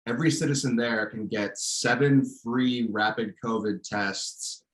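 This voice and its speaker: A man's voice: medium pitch, unhurried. Opinionated man ranting in a roomy space. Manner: opinionated, ranting, with many restarts. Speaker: podcast co-host. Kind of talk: casual chat.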